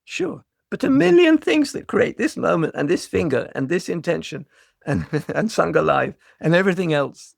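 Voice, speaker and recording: A man's voice: fairly high pitch, big pitch swings, moderate pace, vocal fry, no echo, studio quality. An older man giving a dharma talk as a meditation teacher, reflective and storytelling, often restarting his phrases.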